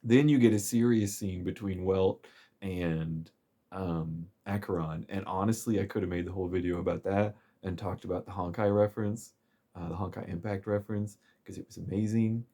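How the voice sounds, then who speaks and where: A man's voice: low-pitched, steady tone, moderate pace, mellow. A man casually recapping a game's story chapter, rambling and chuckling with plenty of fillers. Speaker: game story commentator.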